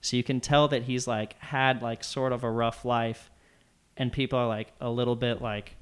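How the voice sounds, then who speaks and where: A young man chatting casually, retelling a story with animated, loud acted-out quotes. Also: mid-range voice, normal speed, smooth. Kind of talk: casual chat.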